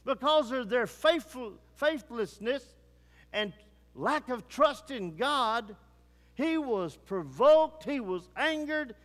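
A man preaching with fervor, his voice high-pitched for a man. He drops into low grave tones, then presses upward with urgency. The sound carries a long reverb. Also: a bit bright. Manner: fervent, swings between low grave tones and rising urgency. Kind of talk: sermon.

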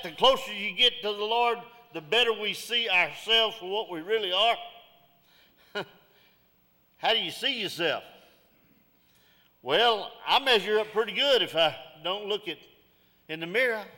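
A man's voice: fairly high pitch, bright, forceful tone, big-room sound. A middle-aged man, preaching a sermon in a church with folksy call-outs and jokes. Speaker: pastor.

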